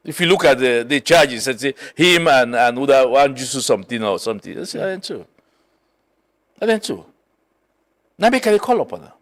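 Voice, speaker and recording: A middle-aged man from Sierra Leone with a Krio accent, a political guest telling a story in an animated way, mixing Krio and English. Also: medium pitch, normal speed, pauses often. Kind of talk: political talk show discussion.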